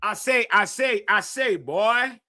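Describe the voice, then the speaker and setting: A man's voice: high voice, expressive, takes it slowly, bright, forceful tone, voice pushed up, heavily acted. A man putting on the voice of a blustering cartoon rooster, stammering and drawling in bursts. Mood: blustery. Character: blustering loudmouth cartoon rooster, male, adult.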